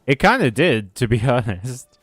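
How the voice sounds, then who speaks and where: A man's voice: medium pitch, sing-song, normal speed, fairly bright tone, faint music behind. Joking, swearing male game streamer. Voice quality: joking, swears casually, talks to chat. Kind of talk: casual gameplay commentary.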